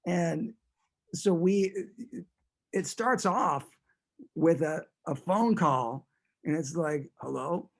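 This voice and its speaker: A man telling stories as a guest in a casual interview, animated and laid-back. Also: fairly high pitch, drawn-out words, long pauses. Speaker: guest musician.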